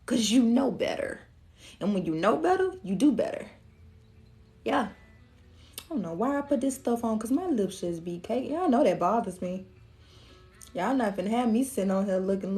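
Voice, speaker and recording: A woman, talking casually to her viewers during a collective reading and acting out their inner voices. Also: mid-range voice. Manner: animated, slangy, acts out the viewer's inner voice. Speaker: tarot reader.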